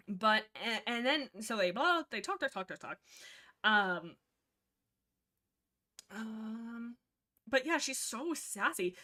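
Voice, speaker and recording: A young woman hosting a casual book discussion livestream, rambling and excitable, often reading passages aloud. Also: on the high side, slow, long pauses. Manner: rambling, excitable, lots of fillers. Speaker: livestream host discussing books.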